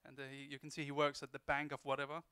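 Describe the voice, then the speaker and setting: A man's voice: medium pitch, monotone, very fast, bright, forceful tone, clean tone, no room sound. A man giving a self-mocking, jokey talk on a convention panel.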